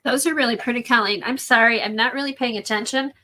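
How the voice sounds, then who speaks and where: Bright-voiced woman hosting a craft stream. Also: on the high side, steady tone, fast, slight background noise. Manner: chatty, relays viewer comments. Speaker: livestream host reading chat. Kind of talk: casual chat on an art livestream.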